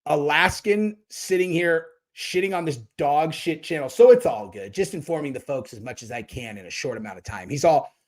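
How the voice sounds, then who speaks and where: A man's voice: fairly high pitch, moderate pace, few pauses. A man hosting a livestream, ranting and mocking chat commenters with a lot of swearing. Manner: profane, mocking, talks back to chat. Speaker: livestream host. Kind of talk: casual livestream rant.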